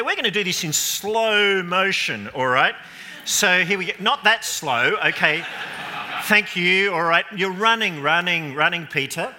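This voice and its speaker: A man preaching an all-age Easter sermon in a church, his voice bright and cutting with a fairly high pitch. He playfully coaches volunteers through a re-enactment with running stage directions. The church hall lends a long, ringing reverb. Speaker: pastor.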